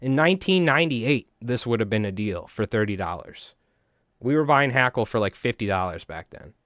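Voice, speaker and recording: A man, chatting in a rambling, animated way to his viewers while tying flies on a live stream. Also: medium pitch, moderate pace, no echo, studio quality. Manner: rambling, animated, talks to chat.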